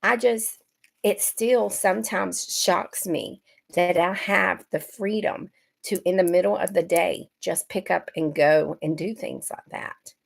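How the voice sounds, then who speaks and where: Brief: middle-aged woman, lowish voice, chatty livestream host who talks straight to her viewers. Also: unhurried, gravelly. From Georgia, US. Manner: chatty, greets viewers by name. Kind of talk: casual livestream chat.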